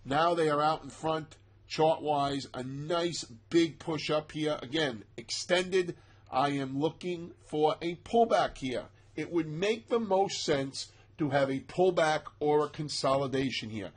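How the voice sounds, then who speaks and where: Husky animated market commentator. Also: male voice, on the high side, a little slow. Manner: animated, emphatic, self-mocking asides. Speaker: stock market analyst. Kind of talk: casual market commentary over charts.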